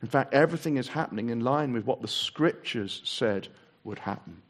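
A man's voice: mid-range voice, lively intonation, normal speed. A man preaching a sermon, asking repeated rhetorical questions and reading passages aloud. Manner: reads long passages aloud.

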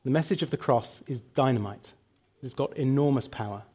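A man's voice: mid-range voice, fairly quick, warm tone, breathy edge. A man preaching a sermon and leading a prayer, emphatic and building through lists, later answering questions with some fillers.

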